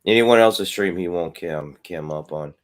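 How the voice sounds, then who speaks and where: A man's voice: sits low, measured pace, a little hiss or hum. A man in casual livestream chat who explains things patiently, with lots of ums and uhs. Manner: explains patiently, hedging with fillers.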